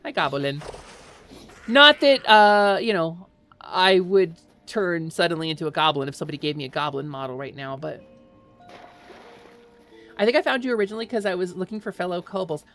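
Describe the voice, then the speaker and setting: A woman VTuber streaming live, chatting casually while gaming in an excitable, giggly, rambling way. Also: lowish voice, normal speed, pauses often, soft background music.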